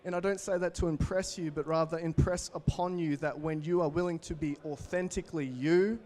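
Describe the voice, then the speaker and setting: Young Aussie keynote speaker, twenties, upbeat storyteller with a slightly high voice who works the crowd. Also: male voice, fairly quick. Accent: Australian. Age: 20s. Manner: energetic, storytelling, addresses the crowd directly. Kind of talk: motivational talk to a live audience.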